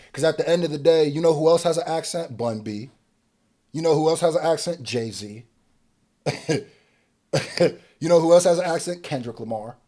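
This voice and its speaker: Animated man reacting to music. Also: on the high side. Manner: animated, swings from quiet musing to loud excited rants. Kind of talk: casual reaction commentary.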